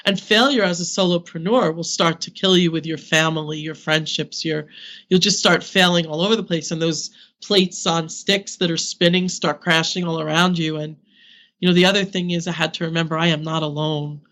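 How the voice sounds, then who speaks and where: This Brooklyn, New York woman in her fifties, a social media consultant, is a guest on a podcast, talking candidly and animatedly in an interview and laughing often. Her voice sits low and fairly bright, with fairly even intonation and a normal speed.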